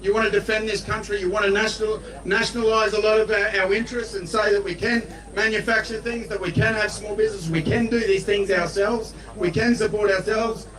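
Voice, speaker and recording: Blunt Australian man, high voice, distant. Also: fairly even intonation, a little fast, hardly any pauses, a bit bright. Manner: blunt, folksy, colloquial. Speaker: politician speaking at a rally. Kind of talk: rally speech. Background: crowd.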